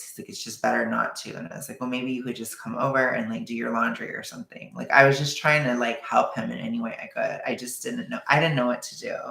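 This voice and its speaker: A man's voice: medium pitch, vocal fry, sharp tone, echoey room. A young man telling a personal story in a casual, rambling way, full of fillers and quoted back-and-forth.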